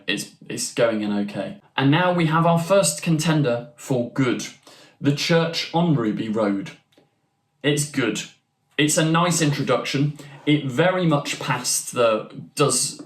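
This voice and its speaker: A young man hosting a casual ranking video. He talks in a chatty, enthusiastic way, with restarts and asides. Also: medium pitch. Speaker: YouTube channel host. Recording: roomy echo.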